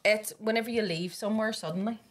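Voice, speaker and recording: A woman's voice: medium pitch, fast talker, slight background noise. A Northern Irish woman in her thirties hosting a podcast, chatting casually and telling stories with lots of laughter. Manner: lively storyteller, laughs often. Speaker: podcast host. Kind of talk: casual chat.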